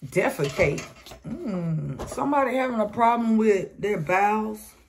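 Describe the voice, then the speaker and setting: A woman's voice: medium pitch, expressive, a little slow, a little hiss or hum. A woman doing a casual collective tarot reading, talking bluntly with slang and profanity and calling listeners sweetheart. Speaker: tarot reader.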